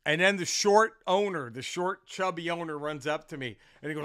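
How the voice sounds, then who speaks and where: A male comedian and podcast host telling an animated, profane story in casual chat. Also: on the high side, moderate pace, few pauses, smooth, dry recording, clean studio sound.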